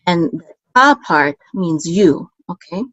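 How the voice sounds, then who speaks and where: A woman teaching Hebrew grammar step by step, patient and explanatory, often checking in with "okay?" and pausing on fillers. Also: on the low side, lively intonation, fairly bright tone, no room sound, highs cut off.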